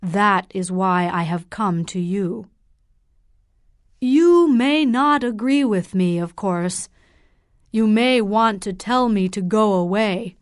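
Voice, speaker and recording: Shrewd, stern older male doctor read by a woman, measured and firm. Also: mid-range voice, expressive, smooth, dry recording, studio quality. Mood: probing.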